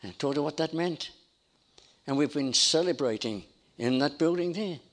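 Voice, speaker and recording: A man's voice: on the high side, moderate pace. A man preaching a sermon in an emphatic style, building his points through repetition. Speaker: pastor.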